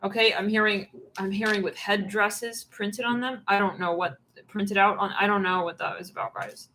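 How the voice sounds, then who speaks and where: Woman tarot reader, casual channeled monologue, animated, bright tone. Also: mid-range voice, moderate pace, slight background noise, poor audio. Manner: animated, acts out quoted voices and laughs.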